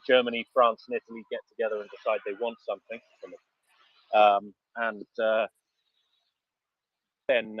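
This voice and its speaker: A man's voice: fairly low pitch, dry recording. A British man in casual panel chat, dry humour and frequent ums and uhs. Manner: dry, hesitant with many fillers. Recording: dull dry lo-fi mic.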